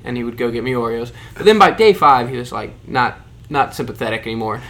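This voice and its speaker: A young man in casual chat, telling an animated, joking story. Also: mid-range voice, fast talker.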